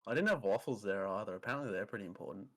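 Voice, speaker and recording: A man's voice: fairly low pitch, expressive, very fast, a bit bright. A man co-hosting a podcast, chatting casually and telling rambling, easily sidetracked stories. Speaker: podcast co-host. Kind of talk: casual chat.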